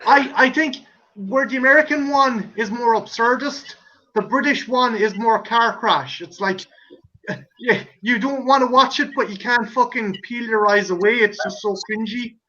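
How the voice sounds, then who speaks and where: A man's voice: extremely high pitch, normal speed, bright, forceful tone. A man hosting a casual chat who swears freely, laughs and acts out comedy scenes. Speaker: podcast host. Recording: dull lo-fi audio.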